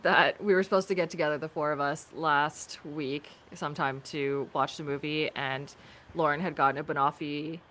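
A woman's voice: deep voice, fairly even intonation, normal speed, fairly bright tone, a little hiss or hum. A woman hosting a casual chat among friends, laughing often and steering the talk.

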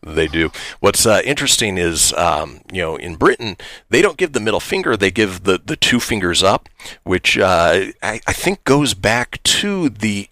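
Lively low-voiced male radio host. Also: normal speed, no room sound. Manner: lively, reads items then jokes. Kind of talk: casual radio banter reading history facts.

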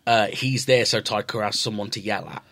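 A man's voice: fairly low pitch, brisk, pushed and bright. A man co-hosting a casual film review podcast. He chats easily, points out game references and tosses in silly asides. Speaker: podcast co-host.

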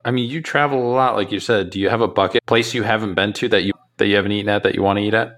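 A man interviewing a guest, asking brisk quick-fire questions. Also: on the low side, fairly bright tone.

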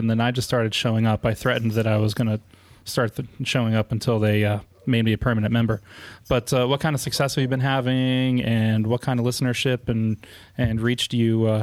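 A man co-hosts a podcast and asks his questions in an easy, loose way. His voice sits in a middle pitch. The sound is dry and close, with no room echo. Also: fairly quick. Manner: relaxed, loosely phrased questions. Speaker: podcast co-host. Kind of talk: casual podcast interview.

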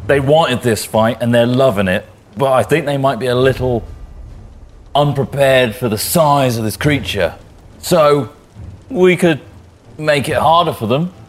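A man's voice: medium pitch, unhurried. A man playing a tabletop game, joking and in character. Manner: lively, joking, sometimes shouting. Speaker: player. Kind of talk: casual in-character play.

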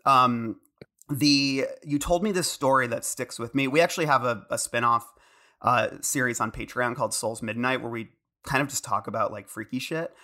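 A man hosts a relaxed podcast conversation, talking eagerly with bursts of excitement. His voice is bright and forward, but noticeably hoarse and strained, as if worn out from shouting. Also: mid-range voice, moderate pace. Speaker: podcast host. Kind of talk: casual podcast chat.

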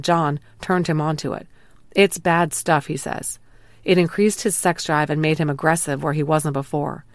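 A woman hosting a true crime podcast, calmly reading a scripted retelling of a police interrogation. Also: low-pitched, no room sound. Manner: calm, measured retelling of an interrogation, quoting lines plainly. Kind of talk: scripted narration.

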